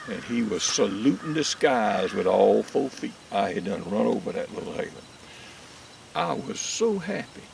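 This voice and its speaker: Older Southern male host, gravelly, folksy drawling storyteller, mic set back outdoors. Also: medium pitch. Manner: lively drawling yarn-spinning. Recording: distant mic outdoors with faint nature noise.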